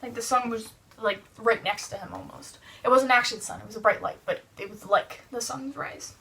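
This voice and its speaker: Bright-voiced woman telling a kids' Bible story. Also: a little high, fairly quick, far from the mic, slight background noise. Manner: lively, animated storytelling with restarts. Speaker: children's church teacher.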